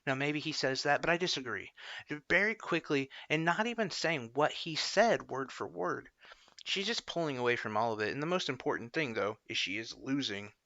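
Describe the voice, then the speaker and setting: A man's voice: mid-range voice, pushed and bright, no room sound, highs cut off. A man hosting a casual political commentary show, opinionated and rambling, full of fillers and short laughs.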